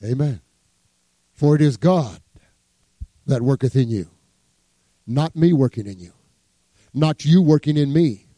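A man preaching a sermon as pastor, quoting scripture with humor and swinging from soft asides to rising emphasis. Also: medium pitch, a little slow, long pauses, dry recording, studio quality.

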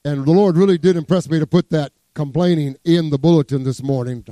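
A man preaching a sermon as pastor, quoting scripture with humor and swinging from soft asides to rising emphasis. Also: a little high, a little fast, no echo.

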